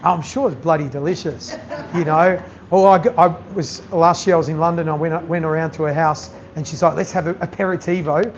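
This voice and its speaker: His voice is on the high side and steady in tone, and he talks fairly fast with few pauses. As a chef giving a masterclass at an event venue, he speaks candidly to the audience, animated, blunt and freely profane. Sound quality is slightly dull, carrying faint noise.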